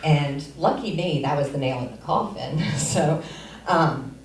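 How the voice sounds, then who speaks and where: Casting: middle-aged woman comic, deadpan with "um" pauses, lowish voice, heard from far off in an echoey theater. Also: background noise. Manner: deadpan delivery with filler pauses. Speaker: stand-up comic. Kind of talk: stand-up comedy set. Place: comedy theater stage. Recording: roomy echo, far from mic. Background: audience laughter.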